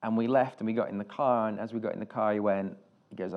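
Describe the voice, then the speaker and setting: Rambling British director, low voice. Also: male voice, fairly even intonation, fast talker, a little mellow. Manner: rambling anecdotal storytelling with restarts and casual swearing. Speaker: film director, interview guest. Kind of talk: live on-stage conversation.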